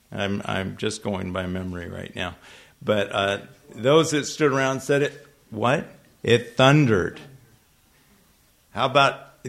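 A man preaching to a congregation, talking to them conversationally and asking them questions, with sudden loud emphasis and frequent self-corrections. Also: medium pitch, gravelly. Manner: restarts and self-corrections when tongue-tied. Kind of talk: sermon. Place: church hall with a congregation.

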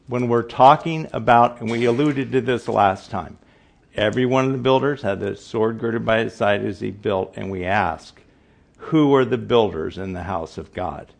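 A man's voice: on the low side, normal speed, gravelly. An older man giving an informal Bible teaching, repeating his points for emphasis and often restarting his sentences.

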